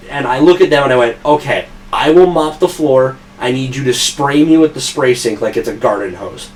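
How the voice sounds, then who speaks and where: A man's voice: medium pitch, distant mic, a little hiss or hum, rough recording. A young man hosting a podcast who tells long, rambling work stories full of swearing and laughs at his own punchlines. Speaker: podcast host. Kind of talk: casual storytelling chat.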